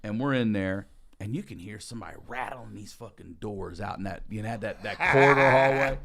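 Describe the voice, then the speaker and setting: A man's voice: fairly low pitch, fairly quick, vocal fry. A man telling casual, profane stories as a podcast guest, acting out what people said. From Baltimore. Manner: profane, animated, acts out quotes. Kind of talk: casual storytelling.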